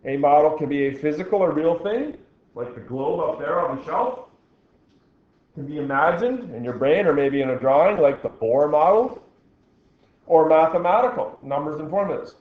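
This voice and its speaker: A middle-aged man lectures a science class, reading a passage aloud and breaking off to explain it, with a dry teacherly joke now and then. His voice sits a little high for a man. The recording is dull and muffled, with strong classroom echo. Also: lively intonation. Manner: reads a text aloud and pauses to explain, with dry teacherly jokes. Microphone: recorder in the room. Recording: very echoey, dull classroom recording with faint noise.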